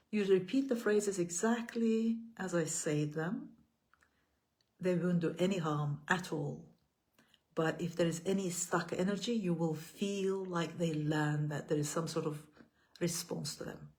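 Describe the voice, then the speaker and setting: A woman healing coach leading a guided meditation, speaking calmly and slowly, with phrases for the listener to repeat. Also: fairly low pitch. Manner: calm, slow, guiding with repeated phrases.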